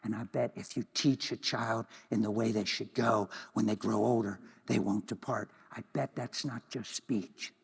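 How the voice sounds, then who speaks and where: A man preaching a sermon in a church, talking in an animated way, swinging from loud exclamations to hushed near-whispers. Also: lowish voice, moderate pace, gravelly, few pauses, breathy edge. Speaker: pastor. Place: church hall. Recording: reverberant church hall.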